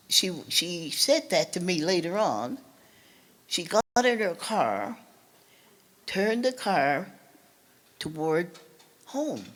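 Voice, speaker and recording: An older woman from Nova Scotia giving a talk, telling a family story in a halting, earnest way and often repeating or restarting her words. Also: on the low side, sharp tone. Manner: earnest, recounts family memories. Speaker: guest speaker.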